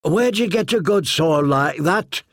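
A nosy, anxious young boy who is eager and quick to get defensive, as a man puts him on. The voice is pitched well up and swings widely. The recording is dry and close. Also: expressive, no echo. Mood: curious.

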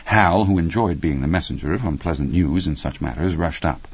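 A man narrating a story in a steady, measured audiobook reading. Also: extremely low pitch, husky, dry recording, highs cut off.

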